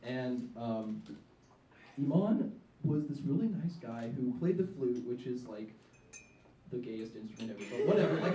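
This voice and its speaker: A young adult comedian does a live set for a diner crowd, self-mocking and rambling with plenty of "ums." His voice is fairly high and mellow, captured from a distance in an echoey room with a little background noise.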